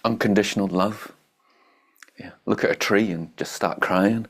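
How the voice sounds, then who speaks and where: A man's voice: fairly low pitch, fairly even intonation, moderate pace, a bit bright. A man giving an informal spiritual talk as a meditation teacher, blunt and joking, laughing at his own points.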